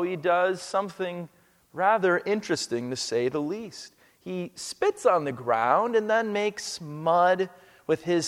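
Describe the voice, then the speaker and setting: A man's voice: high voice, in a large hall. A man pastor preaching a sermon, telling a story earnestly with touches of light humor.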